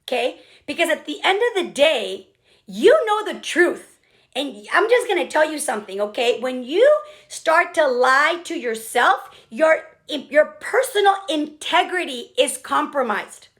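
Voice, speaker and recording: High-pitched woman hyping up her team on a call, keeps saying okay, drives every point home twice. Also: big pitch swings, unhurried, a bit bright. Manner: emphatic, repeats herself, peppers speech with "okay". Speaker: business mentor speaking to a team. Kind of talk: motivational talk on a call.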